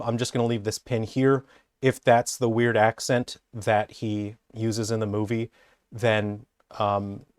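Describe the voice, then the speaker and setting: Low-voiced man rambling with hesitations. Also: a little mellow, dry recording, studio quality. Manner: enthusiastic, rambling, many hesitations. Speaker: character designer. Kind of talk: casual commentary breakdown.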